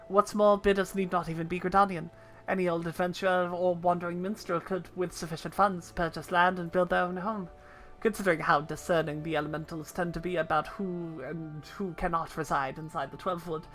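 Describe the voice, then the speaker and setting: Polite formal game npc, read by a woman, a bit low, bright voice. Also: natural voice. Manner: formal, elaborate phrasing. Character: courteous well-spoken townsperson sharing gossip.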